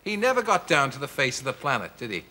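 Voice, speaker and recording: A man's voice: mid-range voice, huge pitch swings, quick pace, sharp tone. A male talk show host in a television studio, teasing and jokey as he introduces and interviews his guest.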